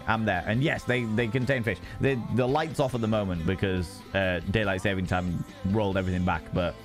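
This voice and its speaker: A young man streaming live, chatting with viewers in a playful, sweary way and greeting them by name. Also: on the low side. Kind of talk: casual live-stream chat.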